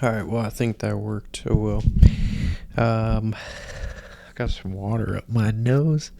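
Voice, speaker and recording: A man's voice: lowish voice, fairly even intonation, slow, gravelly, mellow. A man hosting a casual solo podcast, rambling and swearing in an offhand way. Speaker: podcast host.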